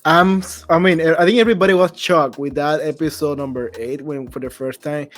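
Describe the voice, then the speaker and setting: A man hosting a podcast, talking fast and excitedly in a casual chat. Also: a little high, dry recording. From Latin America. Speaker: podcast host.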